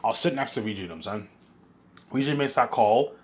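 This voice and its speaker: A man's voice: mid-range voice, lively intonation, quick pace, slightly rough. A man vlogging in a rambling monologue, hyped up and repeating himself as he circles back to the same points.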